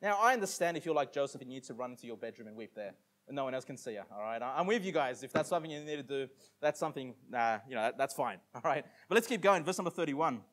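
A pastor preaching a conversational sermon, reading scripture aloud slowly and emphatically between casual asides to the congregation. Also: male voice, medium pitch, expressive, fairly bright tone. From Australia.

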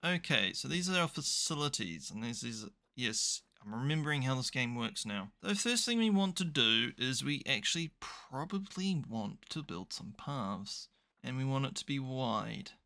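A man's voice: medium pitch, big pitch swings, moderate pace, creaky, pushed and bright. A young man commentating a management game, chatty and thinking aloud with dry, self-mocking asides. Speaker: gaming YouTuber. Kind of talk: casual let's play commentary.

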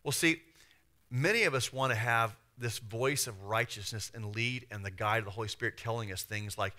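A man pastor preaching a sermon, emphatic and conversational, swinging from loud stressed points to quiet asides. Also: medium pitch, moderate pace.

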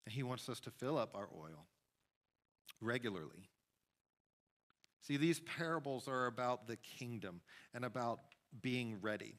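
A man preaching a sermon as pastor, emphatic, with sudden rises and hushed drops. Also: mid-range voice, animated, measured pace, pauses often. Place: church sanctuary.

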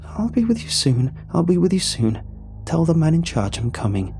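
A man voicing a giggling, unhinged woman in a horror story reading, his voice pushed up high and giddy. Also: very animated, a little slow, mellow, soft background music. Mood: ecstatic. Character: giggling unhinged woman, wife turning strange.

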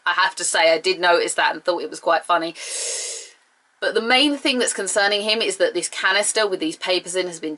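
A woman's voice: medium pitch, sharp tone. A woman giving a chatty, enthusiastic review of a TV episode, with playful asides.

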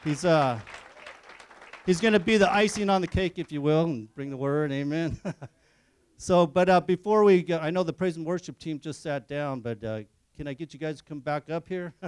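A man's voice: a little high, normal speed, a little mellow, smooth, no room sound, some chatter behind. A man leading an evening church service, fervent, closing his phrases with amen. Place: church sanctuary.

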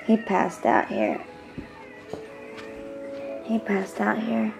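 A woman's voice: mid-range voice, sing-song, extremely slow, vocal fry, long pauses, over music, poor audio. A young woman hair stylist rambling through a casual vlog at home. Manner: rambling, chatty, slips into whispers.

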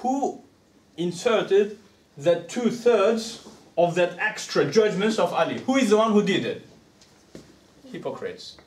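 A male scholar delivers a conversational lecture, his voice pitched high and swinging widely. He keeps checking in with the audience through rhetorical questions. The recording picks him up from across a reverberant room, with faint ambience behind him. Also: animated, slow pace, pauses often, darkish tone, far from the mic, a little hiss or hum. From Uzbekistan. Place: lecture hall. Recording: echoey room, speaker away from the mic.

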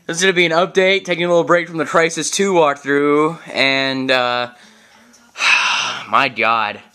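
A man's voice: on the high side, steady tone, unhurried, bright, forceful tone, clear, resonant tone. A man vlogging to camera, telling an exasperated, profanity-laden story as a gaming vlogger. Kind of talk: casual vlog rant to camera.

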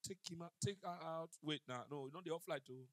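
Fairly high in pitch and fairly quick, this man's stand-up set has him narrating in pidgin and performing the characters' exchanges with animated energy. He's on a comedy stage before a live audience, recorded with no room sound.

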